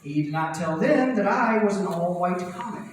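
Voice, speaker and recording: A man from Indiana doing a stand-up set on a theater stage, telling stories in a quick, conversational way. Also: sits high, expressive. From Indiana, USA. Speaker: stand-up comedian. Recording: echoey theater, far from mic, noisy.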